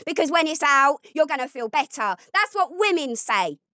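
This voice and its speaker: A woman's voice: high voice, big pitch swings, moderate pace, sharp tone, dry recording, dull audio. A woman arguing angrily at home, accusatory and sarcastic. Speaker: vlogger. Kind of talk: heated domestic argument.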